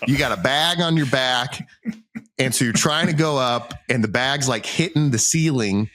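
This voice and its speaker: A man co-hosting a podcast, telling a long self-mocking anecdote in a casual, animated way, acting out what people said. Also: mid-range voice, moderate pace, no echo, clean studio sound. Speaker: podcast co-host. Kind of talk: casual storytelling chat.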